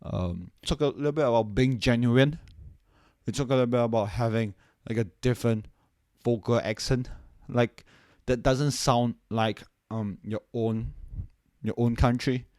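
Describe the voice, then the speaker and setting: A man's voice: mid-range voice, measured pace, a little mellow, dry recording, studio quality. A young man from Singapore hosting his podcast solo, talking casually and rambling with many restarts and "right?" tags. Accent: non-standard, hard to place; he says it doesn't sound Singaporean. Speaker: podcast host.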